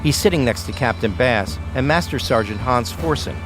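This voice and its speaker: Male podcast narrator, lively pitch, steady scripted delivery over clear music. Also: normal speed.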